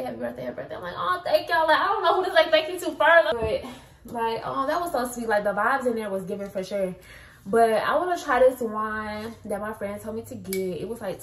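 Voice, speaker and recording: A woman, chatting casually to her vlog audience, animated and full of "like" and "y'all". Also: medium pitch, a little hiss or hum. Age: 20s. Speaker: vlogger. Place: at home, later in a car.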